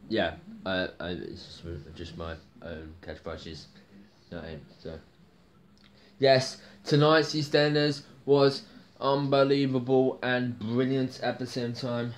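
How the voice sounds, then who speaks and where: A man's voice: medium pitch, unhurried, a little hiss or hum. A man hosting a jokey solo TV review video, rambling and hesitant with many ums and slang words. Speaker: TV soap reviewer.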